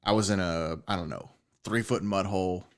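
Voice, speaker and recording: Guy on a podcast, low voice, telling a story, cussing and getting hyped. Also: normal speed. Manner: animated, swears a lot, rising excitement. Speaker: podcast co-host. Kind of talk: casual storytelling chat.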